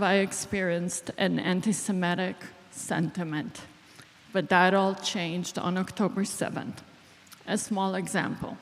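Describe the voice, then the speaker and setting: An Israeli woman, a clinical psychologist, giving a deliberate speech to an audience. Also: lowish voice, fairly even intonation. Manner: slow, deliberate, emotional at moments. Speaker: clinical psychologist, event organizer. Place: large hall. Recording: long reverb of a large hall.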